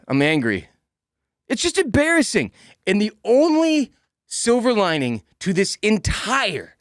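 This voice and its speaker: Exasperated man ranting, lively high voice. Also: no echo, clean studio sound. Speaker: podcast host. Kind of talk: casual sports podcast rant.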